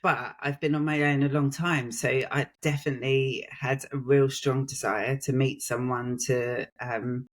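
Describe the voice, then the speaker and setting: A British woman speaks as a podcast guest, sincere and open. She pauses often and hunts for her words, with soft laughs along the way. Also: rumbling low, steady tone. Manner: earnest, halting, with frequent fillers and soft laughs. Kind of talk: casual chat.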